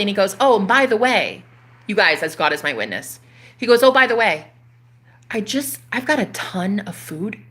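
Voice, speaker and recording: A spiritual coach in her thirties, speaking at medium pitch, tells her viewers a personal story. She's animated and casual, swearing freely.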